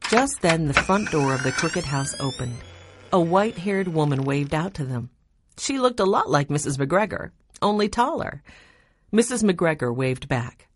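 Audiobook narrator: woman, low voice, dry close read. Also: lively intonation, normal speed, no echo.

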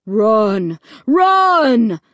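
A woman voicing a female emcee who booms countdowns over a loudspeaker, loud and drawn out, in a dry close recording. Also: big pitch swings, extremely slow, dry recording, heavily acted. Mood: urgent announcing. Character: booming woman emcee on a loudspeaker, gushing showman.

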